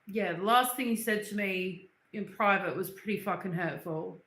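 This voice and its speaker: A woman's voice: medium pitch, moderate pace, a bit bright. A young woman, talking bluntly and angrily on a casual livestream, swearing and repeating herself. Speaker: livestream host. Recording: echoey room.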